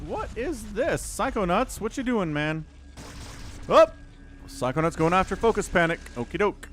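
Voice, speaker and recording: Animated male game caster. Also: high-pitched, moderate pace, a little hiss or hum. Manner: animated, playful, reads player chat in mock voices. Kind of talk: casual live game commentary.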